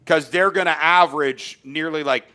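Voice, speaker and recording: A man's voice: fairly high pitch, fairly even intonation, moderate pace, bright, forceful tone. A man co-hosting a sports podcast, making emphatic predictions in casual debate and chuckling at his own takes.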